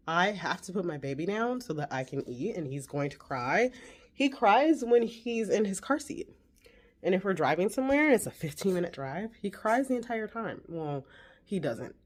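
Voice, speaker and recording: A woman in her forties, a mother, chatting casually to the camera while she makes breakfast at home. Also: mid-range voice. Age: 40s. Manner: chatty, talks while cooking. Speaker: vlogger mother. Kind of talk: casual vlog talk. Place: home kitchen. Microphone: camera set on the counter.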